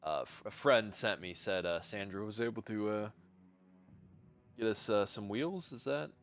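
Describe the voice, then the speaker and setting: A man's voice: fairly low pitch, normal speed, lo-fi sound, slight background noise. A man playing his character in a tabletop role-play game, hesitant and polite, with many ums. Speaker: player.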